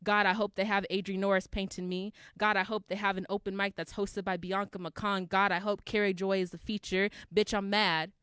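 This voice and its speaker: A woman's voice: medium pitch, flat delivery, a little fast, few pauses, a bit bright, clear, resonant tone, no echo. A young adult woman performing spoken word poetry at an open mic, with rhythmic, emphatic delivery and call and response with the crowd.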